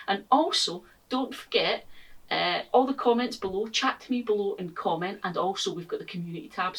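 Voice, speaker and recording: A Scottish woman chats to her viewers outdoors in the garden, upbeat and full of little ums. Her voice sits a little low and comes across husky. She sounds set back from the microphone. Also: a bit bright, far from the mic, rough recording. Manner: chatty, lots of ums, upbeat. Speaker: gardening channel host. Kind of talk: casual vlog chat to viewers. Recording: voice from away from the mic.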